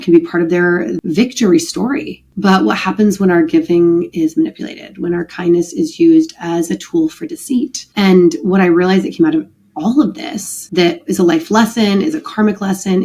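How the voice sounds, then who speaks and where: Middle-aged woman, podcast host, solo reflective monologue, earnest and confessional, lower-pitched voice. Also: a little mellow. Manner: earnest, confessional, many fillers like "like" and "I mean".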